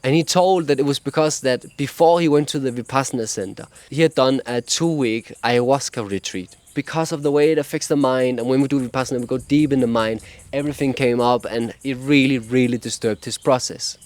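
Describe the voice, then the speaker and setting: A man's voice: medium pitch, a little fast, darkish tone, no echo. A man with a cadence, talking earnestly and openly about his own experience in a personal vlog. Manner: earnest, open, laughs now and then. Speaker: vlogger sharing meditation advice. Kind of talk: casual personal talk to camera.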